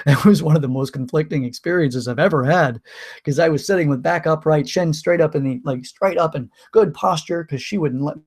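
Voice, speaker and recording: A man candidly recounting a painful personal story in a vlog, emotional, with many restarts and pauses. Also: fairly high pitch, darkish tone, breathy edge. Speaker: vlogger.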